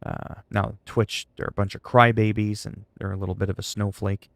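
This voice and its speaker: Man, gravelly, sarcastic, venting, casual stream talk, dry sound. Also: on the low side, flat delivery, moderate pace, no room sound. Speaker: livestreamer. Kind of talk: ranting casual stream chat.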